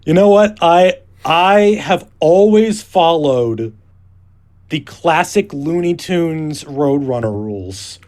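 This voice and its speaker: Hesitant, slightly higher-voiced male podcaster. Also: expressive, a little mellow. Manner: hesitant, halting starts with fillers. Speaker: podcast co-host. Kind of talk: casual chat.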